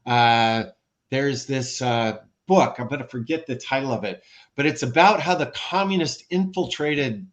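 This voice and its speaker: American man, podcast guest, animated explainer, restarts often, video-call sound. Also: mid-range voice, a little slow. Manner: animated, rhetorical questions, frequent restarts. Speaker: guest, former ambassador. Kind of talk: conversational expert commentary.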